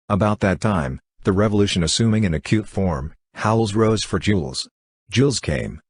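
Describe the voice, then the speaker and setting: Deep husky man reading an audiobook. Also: dry recording. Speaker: audiobook narrator. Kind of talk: scripted narration.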